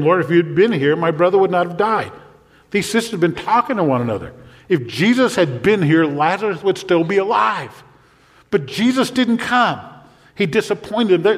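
Man preaching in a reverberant hall. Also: fairly high pitch. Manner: preaching with rhetorical questions and sudden drops to a hushed voice. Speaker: pastor. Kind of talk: sermon. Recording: long reverb of a large hall.

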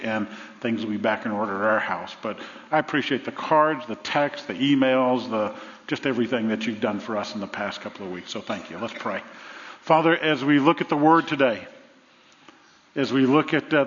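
A man's voice: mid-range voice, a bit bright. A man preaching a sermon as pastor, earnest and fond of repeating phrases in threes. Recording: long reverb, dull lo-fi sound.

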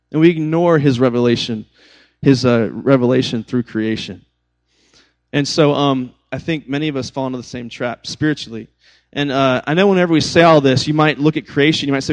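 Conversational male pastor, fairly high voice. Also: brisk. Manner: conversational, animated storytelling with asides. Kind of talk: sermon.

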